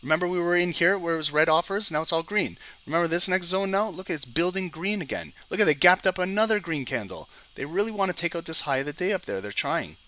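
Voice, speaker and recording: Man, trading educator, live commentary, exasperated, repeats himself, very tense bright tone. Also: fairly high pitch, lively intonation, quick pace, few pauses. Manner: exasperated, talks straight to viewers, repeats words.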